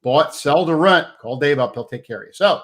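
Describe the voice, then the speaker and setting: A man hosting a casual sports talk show, chatty and energetic, plugging sponsors between topics. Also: a little high, fairly quick.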